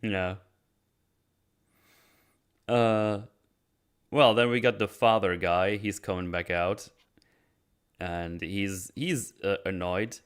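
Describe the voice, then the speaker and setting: A man with a low, smooth, resonant voice retells a movie scene by scene in a relaxed podcast chat. His telling is loose and sweary, and he breaks into laughter often. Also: slow, long pauses. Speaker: podcast host. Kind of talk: casual film recap chat.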